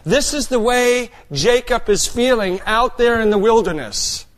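A man preaching a sermon as a pastor, earnest, moving between raised passages and quiet, hushed ones. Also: high voice.

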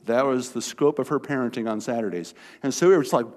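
A man's voice: medium pitch, fast talker, darkish tone. A man in his sixties from California preaching a sermon, telling a childhood story in a conversational way and speaking directly to the congregation.

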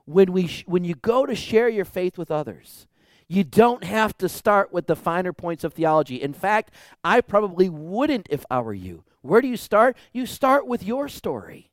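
A man preaching a sermon, repeating phrases rhythmically and building to loud, emphatic exhortation. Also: sits high, very animated, normal speed, no echo, clean studio sound. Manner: repetitive, rhythmic preaching with rhetorical questions. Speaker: pastor.

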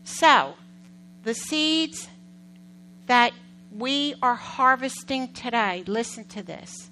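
A middle-aged woman preaching a sermon in a conversational style, telling animated stories, acting out quotes and putting questions to the congregation. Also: on the high side, slow pace, pauses often, slight background noise, rough recording. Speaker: pastor.

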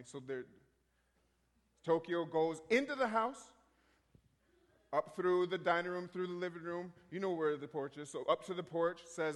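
A man telling a story in a rambling, halting way, full of restarts, as a minister sharing a testimony. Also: sits high, animated, fairly bright tone, big-room sound.

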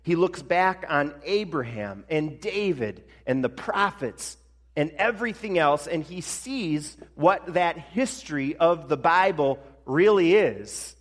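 A male pastor preaching a sermon in a conversational way, slowing down for emphasis. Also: on the high side, animated. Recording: long reverb of a large hall.

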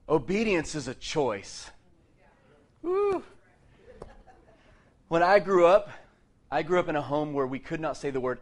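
A middle-aged man preaching a sermon in a lively way, with joking asides and laughs between his points. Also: medium pitch, normal speed, pauses often. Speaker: pastor.

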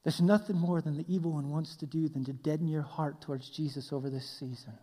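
A man preaching a sermon as a pastor. He tells stories with animation and swings between loud passages and hushed ones. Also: on the high side, fairly even intonation, a little fast. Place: church hall. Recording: long hall reverb.

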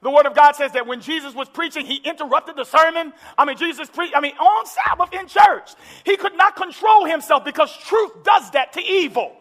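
A man preaching a sermon in a church, building to impassioned shouted climaxes. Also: very high voice, fairly quick, few pauses. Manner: impassioned, shouting climaxes with call-and-response urgency. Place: large church hall with congregation. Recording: echoey church hall with crowd.

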